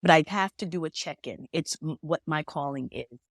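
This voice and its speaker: A woman's voice: deep voice, moderate pace, dry recording, studio quality. A woman talking as a medium and podcast guest, telling stories and acting out the dialogue in them. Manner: animated storyteller who acts out quoted dialogue. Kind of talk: storytelling conversation.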